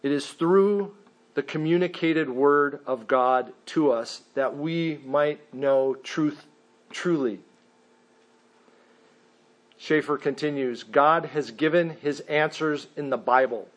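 A man preaching a sermon, reading scripture slowly and deliberately and acting out questions in a raised voice. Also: fairly high pitch. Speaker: pastor.

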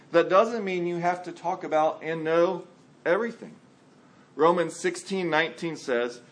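Earnest higher-voiced male pastor preaching. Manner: earnest and conversational, acts out quoted voices. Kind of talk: sermon.

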